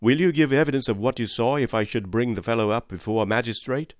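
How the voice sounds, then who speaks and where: A man reading an audiobook and voicing a decent master brickmaker who speaks briskly and heartily. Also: mid-range voice, dry recording, studio quality, close to an everyday voice.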